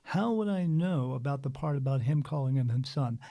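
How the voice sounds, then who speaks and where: An earnest man in his fifties tells his story with animated restarts. His voice is gravelly and mellow, a little higher than most men's. The sound is dry and close. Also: moderate pace, no echo. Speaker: spiritual medium guest. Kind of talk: casual storytelling interview.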